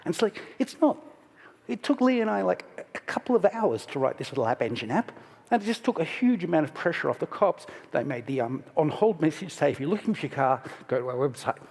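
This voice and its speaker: A middle-aged man gives a conference talk in a relaxed, candid manner, often cutting himself off mid-sentence. His voice sits a little high and comes through slightly husky. The stage mic carries a long hall reverb around him. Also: fairly quick. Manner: casual and candid, self-interrupting, emotional at moments. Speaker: conference speaker.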